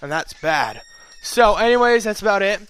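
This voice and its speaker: A man's voice: sits high, animated, moderate pace, fairly bright tone, smooth. A young man, an audiobook reader, chatting casually in a meandering author's note full of fillers and restarts.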